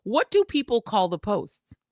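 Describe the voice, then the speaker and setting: A woman co-hosting a podcast in casual chat, animated and gossipy, laughing often. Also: medium pitch, a little slow, no echo, clean studio sound. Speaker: podcast co-host.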